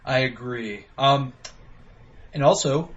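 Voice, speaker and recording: A man hosting a casual gaming podcast, animated and blunt, swearing freely and acting out his own reactions. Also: medium pitch, takes it slowly. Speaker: podcast host. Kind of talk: casual chat. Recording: slightly dull lo-fi sound.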